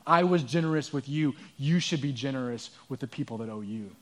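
A man's voice: mid-range voice, brisk, lightly acted. A man voicing a stern king in a parable told from the pulpit, speaking in a commanding way.

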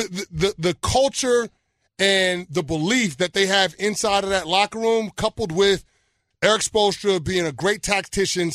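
A man's voice: sits high, a bit bright, no echo, studio quality. A man co-hosting a sports talk show, arguing his points emphatically with stumbling restarts. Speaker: sports radio co-host.

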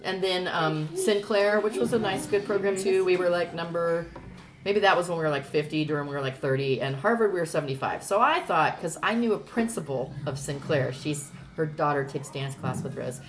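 A woman's voice: on the low side, a little fast. A woman telling a long story in casual chat, jumping into quoted voices. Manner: animated storytelling, acts out quoted people.

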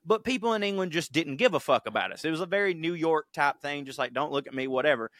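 A man's voice: fairly high pitch, lively intonation, fairly bright tone, no echo, studio quality. A man with a Southern US accent, co-hosting a podcast, telling stories in casual chat with lots of swearing. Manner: profane, storytelling, quick bursts. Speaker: podcast co-host.

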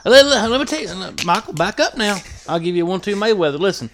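A man, a podcast guest telling a hunting story in a lively, profane way and acting out the scenes. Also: sits high, fast talker, slight background noise. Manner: animated, profane, acts out scenes. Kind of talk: casual storytelling chat.

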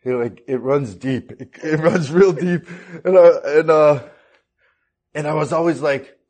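A man's voice: fairly high pitch, a little slow, darkish tone. Laid-back chatty man laughing easily. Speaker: guest, actor. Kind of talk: casual interview chat.

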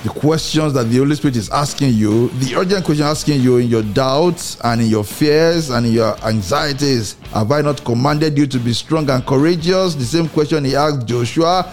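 A man's voice: moderate pace, few pauses, faint music behind. Man preaching a repetitive sermon. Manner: repeats phrases for emphasis, rising and falling pitch.

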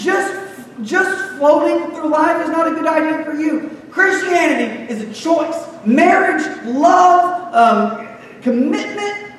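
A man with a high voice preaching in a sermon, chatty and wry, then hammering his points home in punchy lists. He is picked up from a distance, and his voice rings around a large, echoing hall with a long reverb tail and a faint hiss beneath. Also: fairly bright tone. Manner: conversational and joking, with sudden emphatic lists. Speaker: pastor. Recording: echoey hall, mic far off.

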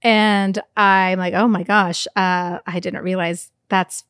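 A woman's voice: on the low side, flat delivery, slow pace, fairly bright tone, smooth, no echo, clean studio sound. A woman podcast co-host telling a story in casual chat, acting out the voices and laughing often.

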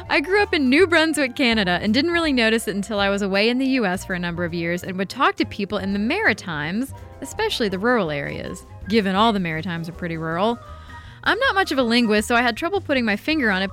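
Lively woman podcast co-host. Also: mid-range voice. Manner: lively, animated delivery. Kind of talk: casual podcast chat and reading listener mail.

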